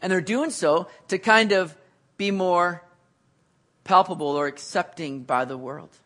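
A man preaching a sermon, earnest, building to emphatic peaks and then dropping back low. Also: a little slow, a bit bright.

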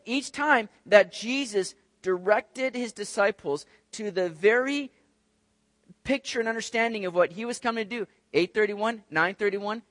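High-voiced, animated male preacher. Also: no echo. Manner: animated, acts out scenes in raised voices. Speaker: pastor. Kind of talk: expository sermon.

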